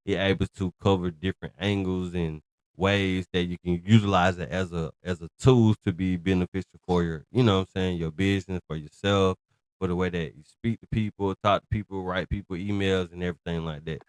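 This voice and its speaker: A man's voice: sits low, fairly even intonation, a little fast, clean tone, no echo, studio quality. A man hosting a casual commentary show, talking in a slangy, emphatic, rambling way. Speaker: host.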